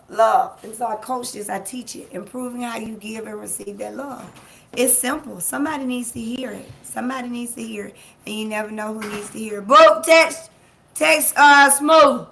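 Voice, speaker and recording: Her voice runs high and gravelly as she hosts a motivational livestream as a life coach. Emphatic and repetitive with her main points, she speaks directly to the audience, laughs freely, and chats with people in the room.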